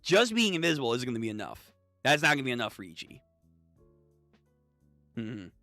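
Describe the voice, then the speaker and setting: Excitable guy reacting to manga chapters, cussing a lot, bright voice, dry close sound. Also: medium pitch, a little fast, no echo, soft background music. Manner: excitable, swearing, reads dialogue aloud. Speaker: channel host reading manga. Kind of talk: casual reaction read-through.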